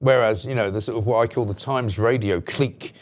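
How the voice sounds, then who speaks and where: A man's voice: on the low side, fairly even intonation, brisk. A British man hosting a political talk show, ranting sarcastically about the media. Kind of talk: opinionated political commentary.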